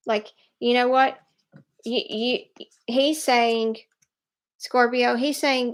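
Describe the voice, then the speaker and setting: A woman giving a live tarot reading, speaking in an animated, emphatic way and laughing often. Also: on the high side, unhurried. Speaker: tarot reader.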